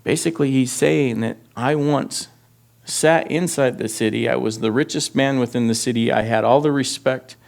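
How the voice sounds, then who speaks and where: A man's voice: medium pitch, moderate pace, gravelly, a little mellow. A pastor teaching through scripture in a sermon, reading passages aloud and rising in intensity as he voices the text's laments. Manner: reads scripture aloud with rising intensity, speaks plainly to the congregation. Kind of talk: expository sermon.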